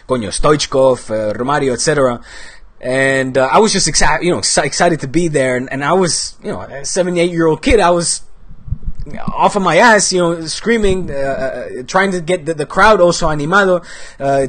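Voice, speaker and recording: A man in his thirties from the Netherlands hosts a football show while he has a cold. He rambles in loose, casual chat with lots of fillers and offhand swearing, and his voice sits at an ordinary middle pitch. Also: fairly bright tone.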